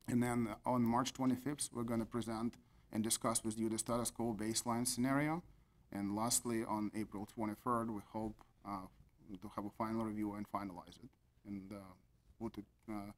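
A man's voice: on the low side, level tone, normal speed. A man presenting a strategy plan to a board as a consultant, in a methodical way, stressing key words and using frequent fillers. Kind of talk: formal business presentation.

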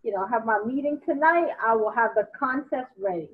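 Lively high-voiced woman telling stories. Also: a little fast, background noise. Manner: animated storytelling, swears freely. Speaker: podcast co-host. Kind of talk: casual podcast chat. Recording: dull lo-fi audio.

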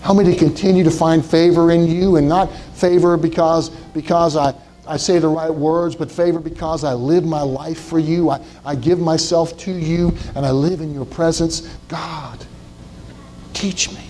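Man preaching with a mellow, dramatic voice. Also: fairly high pitch, fairly even intonation, normal speed, low-quality recording. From Southwestern Ohio. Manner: dramatic retelling, voicing Moses in first person with many repeated words. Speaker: pastor. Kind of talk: sermon.

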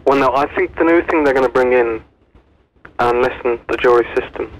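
A man calling a radio phone-in, speaking earnestly and a little haltingly. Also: medium pitch, low-quality recording. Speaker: caller. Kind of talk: phone-in call.

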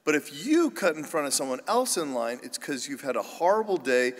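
A man's voice: a little high, sing-song, fairly quick, big-room sound. A man, a priest, giving a humorous, chatty sermon with a self-deprecating streak and frequent restarts. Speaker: priest giving a parish mission talk. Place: church.

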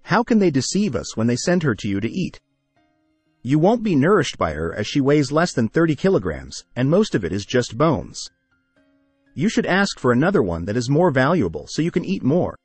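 A man reading the lines of a proud, indignant male jackal-headed royal aide in an anime recap, in a husky voice. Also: mid-range voice, very animated, moderate pace, a little mellow, dry recording, faint music behind. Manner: indignant, scolding.

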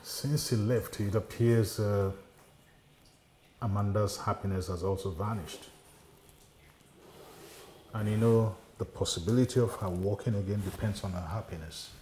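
A man's voice: fairly low pitch, fairly even intonation, unhurried, long pauses, warm tone, reverberant, slight background noise, close to an everyday voice. An actor playing a caring father who soothes his daughter tenderly. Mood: concerned. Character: caring father, older, gentle and worried. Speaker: father, called chief. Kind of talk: Nollywood film drama.

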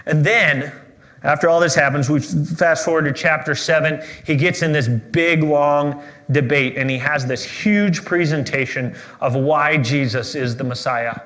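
A man preaching a sermon as pastor, conversational and animated, asking rhetorical questions and dropping to a hushed voice at reflective moments. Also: a little high, measured pace.

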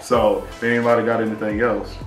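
An American man hosting a reaction video, chatting casually and telling stories in an excited, laid-back way. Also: lowish voice, a little fast, reverberant, over music. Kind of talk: casual chat.

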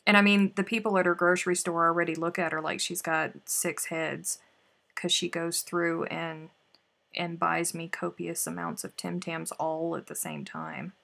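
A woman's voice: on the low side, fairly even intonation, moderate pace, creaky, a bit bright. A woman hosting a live crochet stream, chatting casually and muttering to herself as she works. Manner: chatty, exclaiming, mutters to herself while working.

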